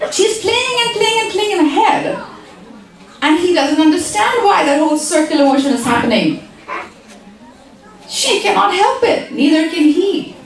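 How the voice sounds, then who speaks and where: A woman's voice: high-pitched, sing-song, normal speed, distant mic. A woman giving a humorous lecture to an audience in a large hall, teasing the listeners and repeating phrases for emphasis. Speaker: speaker at a community talk.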